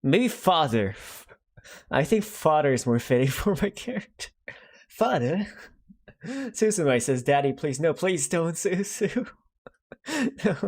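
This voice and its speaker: A man's voice: on the high side, sing-song, unhurried. A young man chatting casually on a live art stream, rambling and self-deprecating and reading out viewers' chat.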